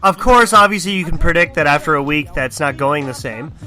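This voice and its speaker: A man's voice: fairly high pitch, lively intonation, brisk, bright, forceful tone. A young man hosting a casual podcast, rambling and profane, joking about himself. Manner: rambling, profane, self-deprecating. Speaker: podcast host.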